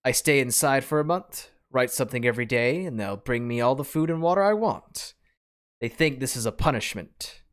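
A man's voice: medium pitch, expressive, normal speed, lightly acted. A man doing a cocky convict's journal voice. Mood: defiant. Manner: reads the log aloud in a put-on accent. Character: male convict test subject, cocky and defiant.

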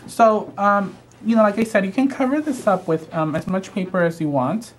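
Hosting a live craft show, a man with a high-sitting voice walks through products at a moderate pace, gushing and chatty, with frequent "um" fillers. Slight background noise is present.

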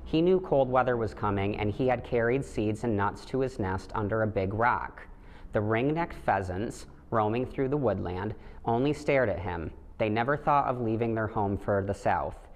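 A man reading a children's picture book aloud in a gentle, steady storytelling manner, putting light voices on the animals. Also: on the low side, normal speed. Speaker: storybook reader. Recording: long hall reverb.

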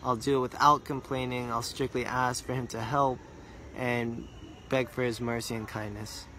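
A man voicing a poor, desperate male water carrier who pleads with rising pitch. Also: flat delivery, moderate pace, background noise, natural voice. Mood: remorseful.

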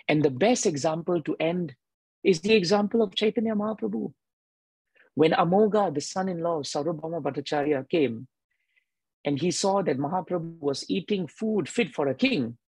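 Husky man giving an emphatic sermon. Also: on the high side, a little mellow, no echo, poor audio. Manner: emphatic, repeats key phrases. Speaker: devotional speaker.

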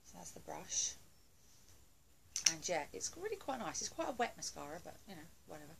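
A woman's voice: lowish voice, big pitch swings, brisk, gravelly, very noisy. A woman doing a casual beauty haul video at home, chatty and gushing, with lots of fillers and asides. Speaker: beauty vlogger.

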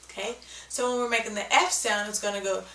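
A woman's voice: medium pitch, fairly even intonation, quick pace, bright, forceful tone, roomy sound, recorded from a distance, slight background noise, low-quality recording. A woman giving a patient, step-by-step video lesson on speech sounds, often checking in with "okay?". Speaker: speech therapy teacher.

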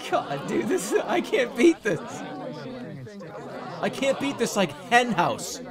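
A man's voice: very high-pitched, wildly swooping pitch, slow, crowd noise. A man in his thirties streaming a game, joking sarcastically with frustrated outbursts. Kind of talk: let's play commentary.

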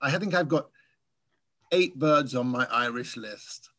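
A man from England whose English accent has softened over years in the US, a guest speaker telling relaxed, chatty stories in a Q&A over a video call. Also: mid-range voice, measured pace. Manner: relaxed, chatty storytelling with light laughs. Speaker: guest speaker, birding tour leader. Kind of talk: casual Q&A after a talk.

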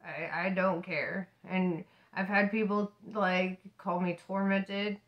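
Woman, tarot reader, casual spiritual talk, frequent laughter, swearing, emphatic, mid-pitched voice. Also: fairly even intonation, slow pace, dull audio.

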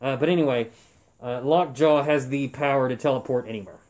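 A man's voice: medium pitch, fairly quick, darkish tone. A man co-hosting a podcast, casually explaining comic-book lore in a nerdy, teasing way. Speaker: podcast co-host.

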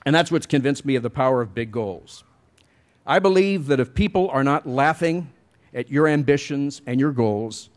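A middle-aged man giving a commencement speech, telling wry, self-deprecating stories at a podium mic. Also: mid-range voice. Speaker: commencement speaker.

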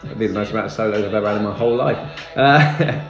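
A man's voice: lowish voice, fast. A young man chatting casually on a live stream, thanking viewers and answering their comments. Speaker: livestreamer. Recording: echoey room with music behind.

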